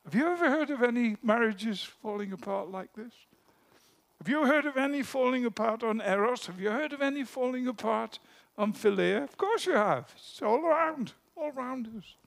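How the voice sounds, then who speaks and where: A man preaching a sermon, telling stories and shifting from a hushed voice to emphatic rises. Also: very high-pitched, animated, normal speed, vocal fry. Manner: storytelling, drops to a hush for anecdotes then rises with emphasis.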